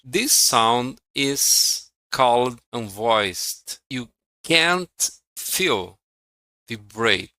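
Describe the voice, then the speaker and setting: A man from Brazil with a Brazilian Portuguese accent, teaching English pronunciation slowly and repeating words for practice. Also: medium pitch, sharp tone, smooth, no room sound, poor audio. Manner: slow, deliberate, repeats words for drilling. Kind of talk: online pronunciation lesson.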